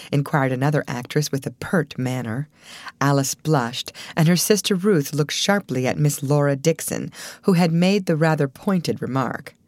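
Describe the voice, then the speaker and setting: A woman narrating an old adventure novel in an expressive, varied reading voice. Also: low-pitched, normal speed, dry recording. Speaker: audiobook narrator. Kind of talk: storybook narration.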